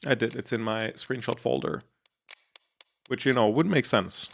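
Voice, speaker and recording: A male streamer chats casually through a story game. He rambles and swears freely, in a mid-pitched voice. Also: normal speed, vocal fry, a bit bright, slight background noise. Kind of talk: live-stream game commentary.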